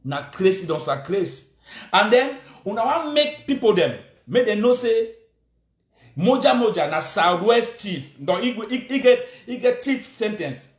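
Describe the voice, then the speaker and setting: A man's voice: high-pitched, sing-song, unhurried, reverberant. A man with a Cameroonian Pidgin English accent, delivering a heated, repetitive political rant, scolding and insistent.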